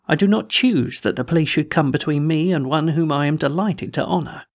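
A man voicing a courteous, quietly threatening old gentleman villain in a storybook reading. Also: a little high, fairly quick. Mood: silkily menacing.

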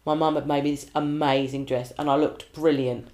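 A woman with a low, deep-set voice tells stories in relaxed interview chat. She is chatty and animated, slipping into quoted voices as she goes. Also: brisk. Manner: chatty, animated storytelling with lively put-on quotes. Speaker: singer and compère.

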